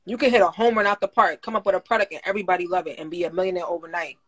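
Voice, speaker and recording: A man chatting casually on a livestream, slangy and animated, laughing a lot. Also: high-pitched, rapid-fire.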